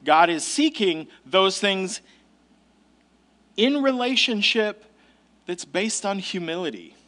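A man's voice: high voice, animated, takes it slowly, bright, forceful tone. A male pastor giving a sermon in a conversational, emphatic way with casual asides.

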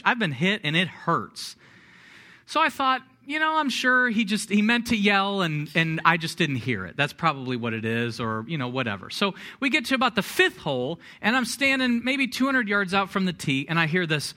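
A man's voice: high voice, sharp tone. A middle-aged man preaching a sermon, telling a personal story with self-deprecating humor before turning to scripture. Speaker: pastor.

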